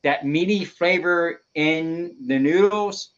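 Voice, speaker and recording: A man's voice: on the high side, takes it slowly, a bit bright. A man chatting as a guest on a casual podcast, emphatic and repeating himself as he explains. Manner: repeats phrases, emphatic, restarts often. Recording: dull lo-fi sound.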